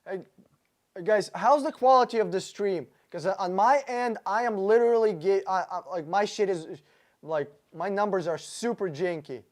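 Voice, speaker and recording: Answering chat questions about cars on a live stream, this man talks at a normal speed in a high voice. He reads out viewers' names and questions and speaks to them directly, joking, swearing and being blunt, with frequent fillers and restarts.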